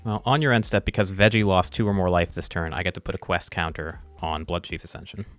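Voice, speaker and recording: A man's voice: sits low, fairly even intonation, quick pace, fairly bright tone, no echo. A man talking casually during a tabletop card game, dry and self-mocking as he announces his plays.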